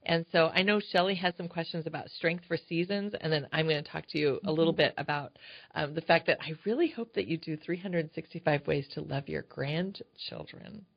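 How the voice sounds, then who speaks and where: Low-voiced grandma co-host, dry lo-fi. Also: female voice, fairly quick, gravelly, few pauses, no echo. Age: older. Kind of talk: casual chat. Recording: dry, dull lo-fi sound.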